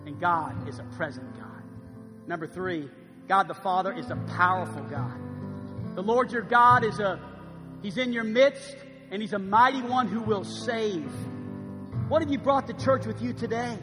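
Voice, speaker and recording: A preacher in his fifties with a very high voice, delivering a sermon in a big church sanctuary. He drops to near-whispers and then rises to loud emphasis. Long reverb fills the hall, and guitar music plays clearly behind him. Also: normal speed. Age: 50s. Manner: preaching with swings from hushed to loud. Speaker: pastor.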